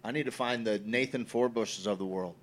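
A man's voice: mid-range voice, a little fast, a crowd in the background. A man in casual podcast conversation, talking emphatically and swearing freely. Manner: expressive, profane, emphatic. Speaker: podcast co-host.

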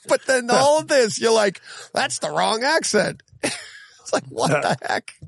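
Animated gravelly-voiced man co-host. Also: slow pace, dry recording, studio quality. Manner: animated, laughing, jumps to a high teasing voice when excited. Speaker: podcast co-host. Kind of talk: casual chat.

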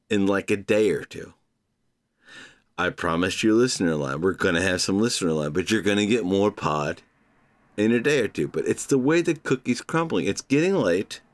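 A man hosting his own podcast, rambling playfully and talking straight to his listeners as "humans". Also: on the low side. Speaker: podcast host. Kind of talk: casual solo podcast monologue.

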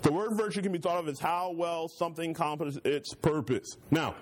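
A man's voice: on the high side, brisk, background noise. A male pastor teaching a church Bible class in a conversational, joking way, using homey stories to make his points.

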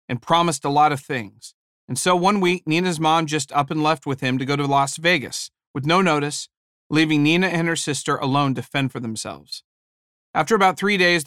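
Guy preaching, slightly high voice, animated and jokey storytelling, really dry close sound. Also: smooth, dry recording. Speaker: preacher and former high school teacher. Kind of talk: sermon storytelling.

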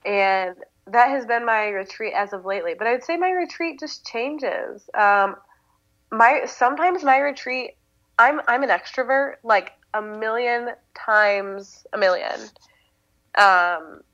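A woman's voice: a little high, lively intonation, unhurried, a bit bright. A young woman from the American Midwest, chatting as a podcast guest in a bubbly, talkative way. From Midwest United States. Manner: bubbly, chatty, with fillers and laughs. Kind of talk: casual interview chat. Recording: slightly dull lo-fi audio.

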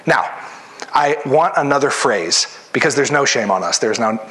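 A pastor with a mid-range voice preaches a sermon at normal speed. He's animated and acts out the voices of those he quotes.

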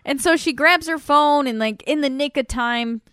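A young woman casually recapping a TV episode with a co-host, animated and swearing freely. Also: sits high, moderate pace, a little hiss or hum. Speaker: podcast co-host.

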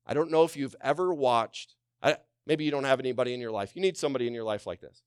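Male pastor with a smooth, dry voice. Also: mid-range voice, fast, dry recording. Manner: calls on the congregation to respond; drops to a hushed voice for quoted gentle words. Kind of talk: sermon.

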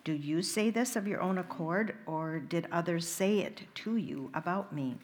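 A woman reading the words of a calm man on trial in a liturgical Gospel reading, measured and steady. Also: on the low side, close to an everyday voice. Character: calm male teacher under trial.

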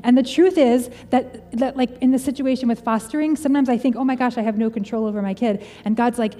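A woman's voice: a little high, steady tone, fast, mellow. A woman in her thirties preaching a sermon in a conversational, earnest and personal way, as a pastor speaking to her congregation. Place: church auditorium. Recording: large hall with long reverb.

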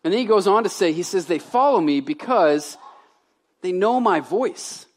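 A male pastor in his thirties, from Louisiana, delivers a sermon in a conversational style. His voice sits a little high for a man. He moves between loud, emphatic lines and quiet, softer asides. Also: lively intonation, normal speed.

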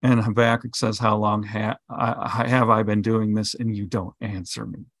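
A man's voice: fairly low pitch, little pitch movement, normal speed, a bit bright, no echo. A man co-hosting a bible podcast, explaining scripture with vivid everyday analogies and lots of fillers. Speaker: podcast co-host. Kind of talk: bible study conversation.

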